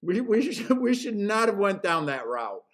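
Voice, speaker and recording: High-voiced man laughing through live-stream banter. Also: big pitch swings, moderate pace, fairly bright tone. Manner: laughs often, rambling and profane. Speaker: horse racing handicapping show host. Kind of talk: casual live-stream chat.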